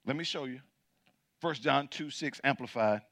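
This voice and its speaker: A man's voice: moderate pace, no room sound. A man preaching a sermon as pastor, reading scripture aloud and calling out questions to the congregation. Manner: builds from low and quiet to loud and high.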